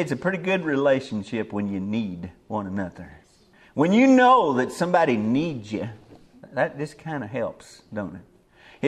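A male preacher delivers a sermon in plain, folksy country speech. His voice sits a little higher than most men's. He swells into emphatic, fervent exhortation.

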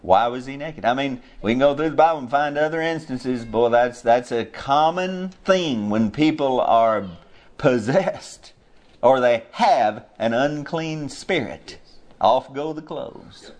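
A man preaching a sermon, passionate, climbing into high, loud cries when he quotes scripture. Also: lively intonation, unhurried. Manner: impassioned, rises to high cries when quoting. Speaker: pastor.

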